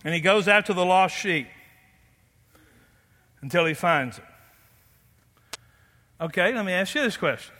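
A man preaching from the pulpit in a very high, bright voice. He is animated and playful, drawing the congregation in with questions. The sound carries a long reverb, as in a large church hall. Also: unhurried, long pauses. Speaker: pastor. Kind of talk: sermon.

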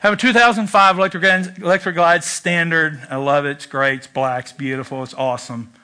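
A man preaching a sermon in church, joking and animated, swinging from loud urging to hushed asides. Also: fairly high pitch, brisk, clean tone. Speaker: pastor.

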